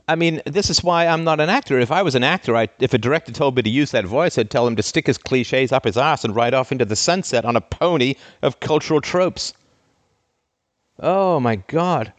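A man hosting a live show, ranting in an exasperated, sarcastic way with big theatrical swings in pitch. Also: fast talker, few pauses, no echo. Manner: theatrical, trained speaking voice. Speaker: host.

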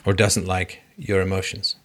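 A man hosting a call-in advice show, talking forcefully and repeating his points for emphasis. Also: sits low, little pitch movement, moderate pace.

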